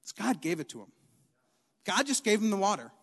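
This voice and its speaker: A young man preaching a sermon, animated and emphatic, often repeating his key lines. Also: high-pitched, a little fast, husky. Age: young adult. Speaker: youth preacher. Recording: long reverb of a hall.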